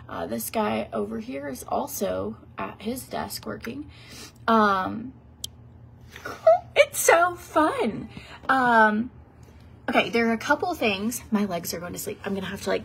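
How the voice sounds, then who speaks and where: A woman's voice: fairly high pitch, gravelly, slight background noise. Chatty woman from Tennessee rambling. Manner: chatty and rambling, with many fillers and restarts. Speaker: beauty vlogger. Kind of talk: casual makeup tutorial chat.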